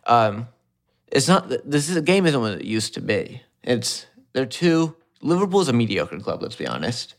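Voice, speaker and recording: A man's voice: mid-range voice, sing-song, normal speed. A young man co-hosting a football podcast, giving blunt, opinionated takes in casual chat. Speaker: podcast co-host.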